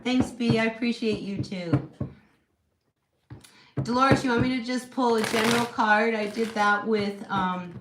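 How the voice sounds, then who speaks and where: A woman's voice: on the high side, a little slow. Woman doing a casual tarot stream from home, chatty, echoey room, noisy hiss behind her. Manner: chatty and encouraging, many "you know" fillers. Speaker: tarot reader hosting a live stream. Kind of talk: casual live tarot reading. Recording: echoey room with steady noise.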